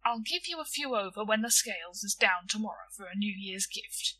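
A gloomy, firm old shopkeeper, as a woman reader puts him on, who talks in a heavy, lugubrious way. The tone is husky and bright. It is heard a little off-mic in a storybook reading. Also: mid-range voice, expressive, fairly quick, dry recording, far from the mic.

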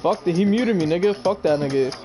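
A man's voice: sits high, lively intonation, fairly quick, dark tone, faint music behind, a faint crowd. A young man gaming in voice chat, blunt and profane, taunting the other players. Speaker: gamer in voice chat. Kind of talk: casual trash talk while gaming.

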